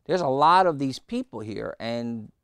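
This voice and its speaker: Cold, calculating king, read by a man in a measured, plotting tone. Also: medium pitch, animated, fairly bright tone, clear, resonant tone, no room sound. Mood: scheming.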